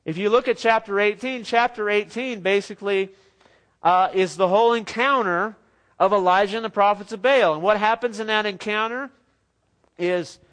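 Male preacher, pretty high voice, chatty and jokey sermon. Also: normal speed. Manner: lively, conversational, with joking asides.

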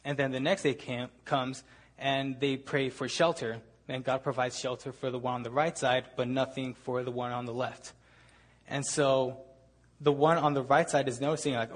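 A young man giving a casual storytelling talk to a gathering, relaxed and chatty, leaning on filler words. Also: mid-range voice, moderate pace. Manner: relaxed, chatty, leans on "like" and "ended up". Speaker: speaker at a gathering.

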